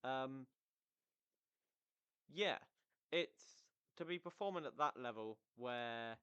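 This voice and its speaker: A man's voice: mid-range voice, animated, takes it slowly, sharp tone, clear, resonant tone. A young man hosting a football podcast in casual, rambling chat, close to the mic, often mocking himself and tripping over his words. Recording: slightly dull lo-fi mic.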